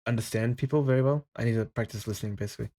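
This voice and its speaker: A man's voice: medium pitch, rapid-fire, dark tone. A young man in casual chat, hesitant and full of fillers, laughing often.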